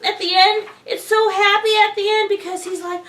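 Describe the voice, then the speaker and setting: A woman in a comedy sketch, talking in a naive, excitable, rambling way, recorded in a roomy space from a distance from the mic. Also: very high-pitched, moderate pace.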